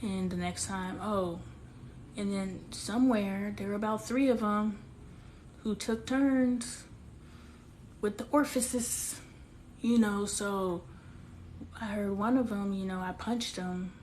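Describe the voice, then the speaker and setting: A woman's voice: mid-range voice, steady tone, slow, long pauses, darkish tone, a little hiss or hum. Candid woman host on a phone live stream. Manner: emotional, confiding, talks straight to viewers; reads and answers viewer comments aloud.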